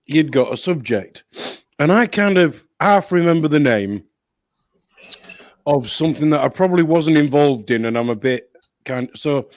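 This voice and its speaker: A man's voice: a little high, no echo. A tired man co-hosting a casual live stream, laid-back and dry. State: tired, yawning. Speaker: co-host.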